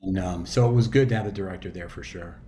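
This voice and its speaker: A man in his sixties, an audiobook narrator and actor, chatting as a guest in a relaxed, reflective way with loose fillers and restarts. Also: deep voice, fast talker, a little hiss or hum. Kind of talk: casual interview chat.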